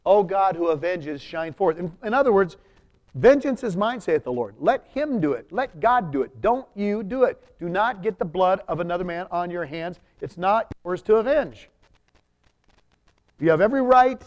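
A man preaching a sermon from the pulpit, his voice a bit higher than most men's. He reads scripture aloud, then explains it in plain talk, swinging from emphatic bursts to soft, low asides. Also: lively intonation, normal speed, hardly any pauses. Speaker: pastor.

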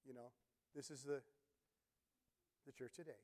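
A middle-aged man preaching a sermon as pastor, telling stories with bursts of shouting and imitated instrument sounds. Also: mid-range voice, moderate pace. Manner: animated storytelling, sudden shouts and imitated organ sounds.

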